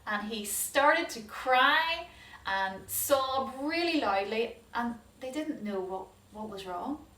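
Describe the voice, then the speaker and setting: A woman telling a Bible story to children as a Sunday school teacher, animated and asking her listeners questions. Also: fairly high pitch, slow. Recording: roomy hall, distant mic.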